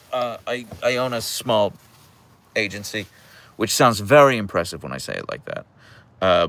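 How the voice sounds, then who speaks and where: A man's voice: fairly low pitch, fairly bright tone. A young man from the Pittsburgh area hosting a casual livestream, reading out chat messages and answering with teasing, dry jokes. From Pittsburgh area, USA.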